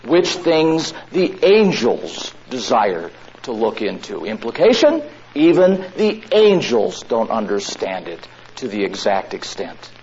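A man's voice: mid-range voice, very animated, takes it slowly, a little mellow. A man preaching a sermon, emphatic, who repeats his key lines for stress. The recording sounds dull and lo-fi, with faint noise behind him.

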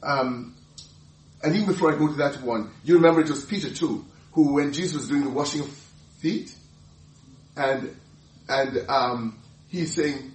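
A man teaching the Bible, animated and laughing often, restarting his sentences. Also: medium pitch, moderate pace, echoey room, far from the mic.

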